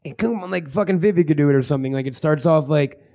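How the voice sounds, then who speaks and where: A man's voice: fairly high pitch, fast, vocal fry, dark tone. A man co-hosting a podcast, crude and rambling as he riffs on absurd ideas. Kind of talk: crude casual banter.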